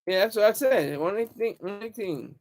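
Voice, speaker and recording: A man's voice: high-pitched, animated, moderate pace. A man hosting a casual livestream, rambling and talking back to viewer comments. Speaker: livestream host.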